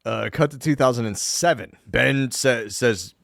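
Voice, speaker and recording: A man hosting a casual recap podcast, animated and laughing often as he breaks into goofy character voices. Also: medium pitch, a little slow, creaky, no echo, clean studio sound. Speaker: podcast host.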